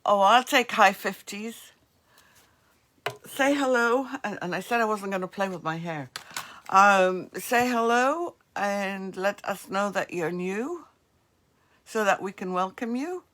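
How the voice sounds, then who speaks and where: A woman's voice: medium pitch, expressive, slow pace, a bit bright, slight background noise. A woman with a New Jersey accent, hosting a crafts livestream and chatting casually with viewers in the comments. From northeastern US. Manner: chatty, friendly asides to commenters.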